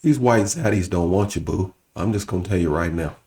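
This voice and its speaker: A man giving sarcastic, scolding reaction commentary with a gravelly voice. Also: low voice, fairly quick, a little mellow.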